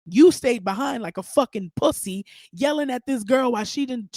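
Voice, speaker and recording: A woman hosting a podcast, giving outspoken, animated, profane commentary. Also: fairly high pitch, normal speed, dry recording, clean studio sound. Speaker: podcast host. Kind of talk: casual commentary.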